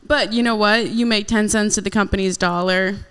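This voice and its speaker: A woman's voice: mid-range voice, fairly even intonation, fairly quick, a bit bright, clean tone, long reverb tail. A woman co-hosting a podcast in casual chat, blunt and profane in her banter. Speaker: podcast co-host.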